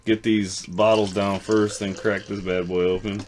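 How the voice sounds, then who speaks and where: Laid-back low-voiced guy. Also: little pitch movement, moderate pace, background noise. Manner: laid-back, swears casually. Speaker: podcast co-host. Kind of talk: casual chat.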